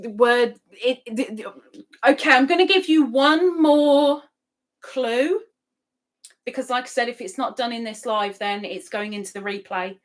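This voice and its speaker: Lady hosting a live chat, highish voice, laughs a lot, reads comments out loud. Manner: chatty, reads out viewer comments, laughs often. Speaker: livestream host. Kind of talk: casual live-chat talk.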